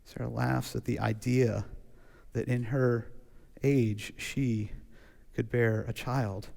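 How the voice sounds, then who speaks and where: A man preaching a sermon in a relaxed, conversational way, telling stories and acting out quotes. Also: medium pitch, slow, gravelly. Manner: conversational, animated storytelling with acted quotes. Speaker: pastor. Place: church sanctuary. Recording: church hall reverb.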